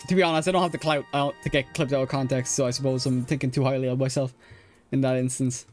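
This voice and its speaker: A man's voice: medium pitch, flat delivery, fast talker, faint music behind. A young man with an Irish accent chatting casually while streaming a game, rambling with lots of fillers, restarts and laughs. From Ireland. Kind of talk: casual chat while gaming.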